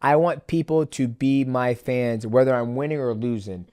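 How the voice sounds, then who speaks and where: A former fighter hosting a podcast, talking loosely and at middle pitch. His speech rambles and restarts often, full of fillers as he chats casually with his guest. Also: moderate pace, a little mellow, clean tone. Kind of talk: casual interview chat.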